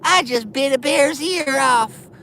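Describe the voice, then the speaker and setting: A man doing a squeaky-voiced tough boxer. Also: slow pace, vocal fry, pushed and bright, slight background noise, full character voice. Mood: mocking. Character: famous heavyweight boxer, man, squeaky high voice.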